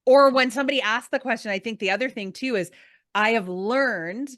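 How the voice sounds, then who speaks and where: A woman's voice: a little high, fairly quick, a bit bright, no echo, studio quality. Chatty woman hosting a podcast. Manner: chatty, laughs easily, builds on points. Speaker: podcast host. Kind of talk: casual interview talk.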